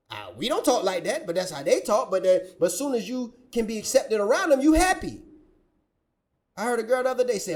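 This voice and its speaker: High-voiced preachy ranting man. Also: sing-song, normal speed, darkish tone. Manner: preachy, scolding, quotes scripture. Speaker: commentary channel host. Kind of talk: ranting reaction commentary.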